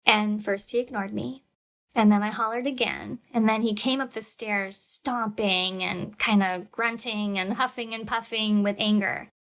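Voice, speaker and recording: A woman and parent giving a calm, measured lecture on parenting, acting out what a parent might say. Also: mid-range voice. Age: adult parent. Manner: calm, measured, demonstrates parent scripts aloud.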